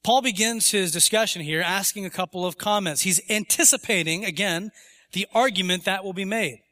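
Male pastor, sermon in church, high voice, bright tone, emphatic, acts out objections. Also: moderate pace, big-room sound. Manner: emphatic, rising to voice imagined objections. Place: church sanctuary.

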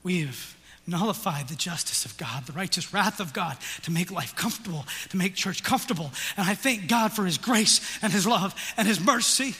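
A male pastor preaching an intense sermon, swinging from hushed whispers to loud, urgent passages. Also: high-pitched, lively intonation, normal speed. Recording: long hall reverb.

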